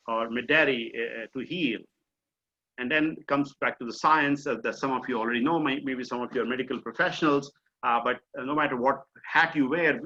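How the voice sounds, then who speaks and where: This mindfulness coach, a middle-aged man with an Indian accent, runs his session remotely by video call from a home or office, and the sound is dull and lo-fi. His voice is on the high side, sharp, and slightly rough. He speaks conversationally, explaining ideas with many fillers.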